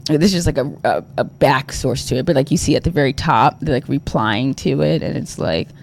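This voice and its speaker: A man's voice: mid-range voice, brisk, vocal fry, a little hiss or hum. A young adult man talking on a livestream, exasperated and rambling, full of fillers and swearing. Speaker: streamer. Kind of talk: ranting livestream talk.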